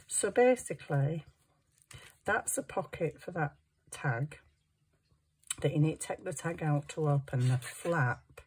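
Brief: woman crafter, chatty, self-talk, low and slow delivery. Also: a little mellow, husky. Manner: chatty, talks to herself while working. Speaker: crafting vlogger. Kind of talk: casual crafting chat.

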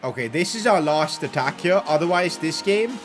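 A young man doing live commentary over a football video game, calm play-by-play breaking into loud excited outbursts. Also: on the high side, normal speed, soft background music. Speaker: gaming YouTuber.

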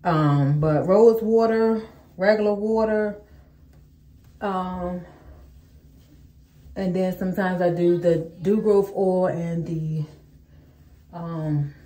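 A woman's voice: fairly low pitch, dark tone, echoey room. A woman in her thirties chatting casually through a hair-care routine, calling her viewers y'all with plenty of ums. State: out of breath. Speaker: vlogger. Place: home, indoors.

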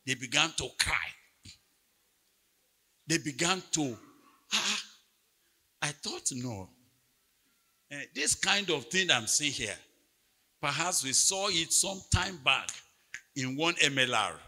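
A man preaches a sermon in a big hall, his bright, forceful voice carried on a long reverb. His pitch sits a little high for a man. He swings from quiet asides to loud, dramatic peaks as he tells his story. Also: expressive, takes it slowly, long pauses. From Nigeria. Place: large hall at a retreat.

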